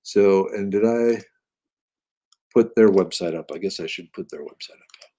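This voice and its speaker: A man's voice: deep voice, normal speed, mellow. A man hosting a casual livestream interview show, talking in an easygoing way and greeting viewers by name. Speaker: host.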